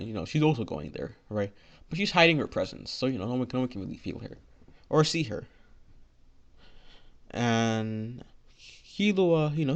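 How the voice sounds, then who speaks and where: Guy rambling through a made-up fan story, lots of fillers, muffled lo-fi audio. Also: on the low side. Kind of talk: casual improvised storytelling. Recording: lo-fi dull recording.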